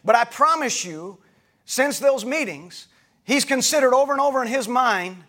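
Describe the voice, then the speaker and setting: High-voiced male pastor preaching casually. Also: lively intonation, normal speed, pushed and bright. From United States. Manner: conversational preaching, retelling dialogue with frequent restarts. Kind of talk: sermon storytelling.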